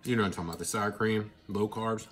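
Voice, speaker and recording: A man talking casually to his viewers while he eats, chatty and excitable, with mouthfuls and happy murmurs between his sentences. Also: fairly low pitch, fast, a little hiss or hum. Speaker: vlogger. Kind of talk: casual eating vlog.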